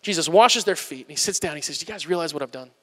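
A man in his thirties preaching an animated, humorous sermon in a church, joking at his own expense as he retells a scripture story. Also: on the high side, very fast, long reverb tail. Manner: animated, joking and self-deprecating. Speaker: pastor.

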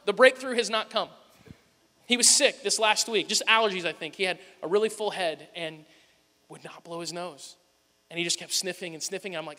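A man's voice: high-pitched, brisk, bright, forceful tone. A man in his thirties, a pastor giving a conversational sermon to his congregation with humorous stories, with a chuckling storytelling manner. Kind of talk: casual sermon with personal stories. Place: large church hall before a congregation. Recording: long echo of a church hall.

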